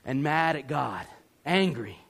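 A man from Georgia, preaching a sermon as a pastor, telling a story with animated acted-out voices. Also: a little high, takes it slowly, gravelly. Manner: animated, acts out voices and yells for effect.

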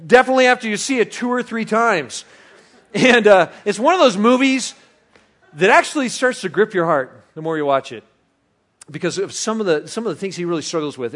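A man preaching a sermon, bantering playfully with the congregation, then turning soft and reflective. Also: a little high. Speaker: pastor.

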